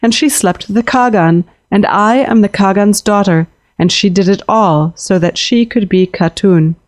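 A woman's voice: medium pitch, normal speed, no room sound, natural voice. Woman voicing a proud young princess. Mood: resolute. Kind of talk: audiobook fiction reading.

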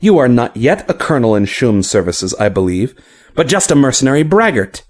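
A man doing a fierce, scarred young woman lieutenant, slow and clipped, quick to take offense. Her lines rise and fall with lively pitch as she issues challenges in a fantasy storybook reading. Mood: scornful. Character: proud scarred woman officer, fierce and touchy.

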